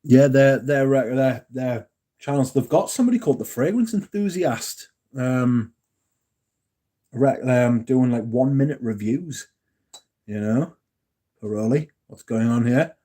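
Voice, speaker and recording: An Englishman with a mellow, mid-range voice speaks at a measured pace but animatedly while hosting a casual livestream. He rambles, corrects himself, and swears and jokes as he answers the chat.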